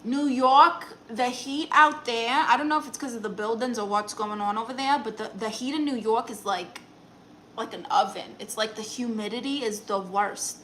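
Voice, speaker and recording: Bright, brassy Brooklyn woman. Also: fairly high pitch, moderate pace, a little hiss or hum. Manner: brassy, sassy, teasing banter. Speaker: comedian reading live chat comments. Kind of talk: live-stream chat in a sassy aunt persona.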